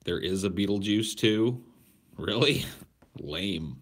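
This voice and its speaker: Blunt, profane, slow-talking man. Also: lowish voice, animated, husky. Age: 30s. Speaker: podcast host. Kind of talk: casual chat answering viewer questions.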